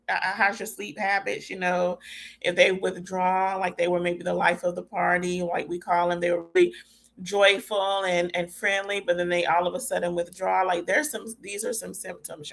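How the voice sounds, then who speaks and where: A woman's voice: on the low side, pushed and bright. A middle-aged woman hosting an informal talk about mental health, talking to listeners directly with plenty of fillers. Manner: informal, addresses listeners as y'all, many fillers. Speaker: host.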